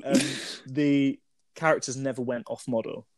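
A man's voice: medium pitch, fairly even intonation, moderate pace, no echo. A man co-hosting a casual film review chat, who often trips over his words and laughs them off. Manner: chatty, stumbles over words and laughs at himself. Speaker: podcast co-host.

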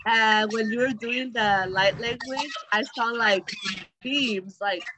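A woman's voice: a little high, slow, noisy background. A woman sharing in a group circle, effusive and gushing. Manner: effusive, breathless with joy. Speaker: participant.

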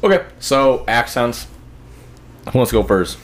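A man's voice: mid-range voice, very animated, a little slow, slight background noise. A man hosting a podcast with loose, joking banter and plenty of swearing. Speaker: podcast host.

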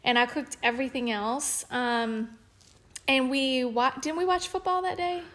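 A woman's voice: sits high, steady tone, a little slow, fairly bright tone. A woman with a New Orleans accent, chatting casually and telling stories animatedly as a podcast co-host. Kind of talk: casual chat.

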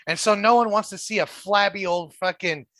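High bright-voiced man joking around. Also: moderate pace, no room sound. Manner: joking, profane banter. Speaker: podcast co-host. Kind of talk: casual chat.

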